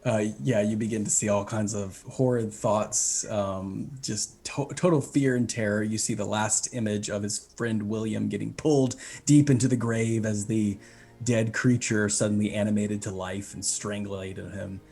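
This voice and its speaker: A man's voice: fairly low pitch, fairly even intonation, moderate pace, vocal fry, dark tone, husky. A man running a tabletop game as game master, narrating scenes in a casual, descriptive way, with faint music behind.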